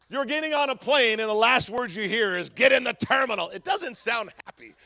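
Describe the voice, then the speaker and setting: A middle-aged pastor delivers a sermon, telling stories in a lively, humorous way. His voice is high, with no echo.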